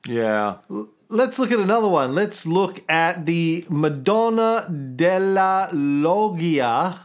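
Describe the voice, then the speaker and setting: A man's voice: high voice, very animated, slow pace. A man co-hosting a casual art-history chat, musing aloud with irreverent, crude jokes. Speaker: podcast co-host.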